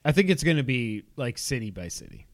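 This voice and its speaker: A man's voice: mid-range voice, very animated, a little fast, gravelly. A man co-hosting a casual podcast, reading through gaming news with wry asides. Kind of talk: casual chat.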